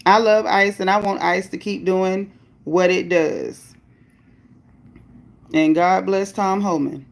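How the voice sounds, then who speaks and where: A woman's voice: on the low side, steady tone, takes it slowly, creaky. A woman hosting a livestream, reading viewer comments and speaking bluntly about her opinions and chat rules. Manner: greets viewers by name, upbeat bursts. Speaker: livestream host.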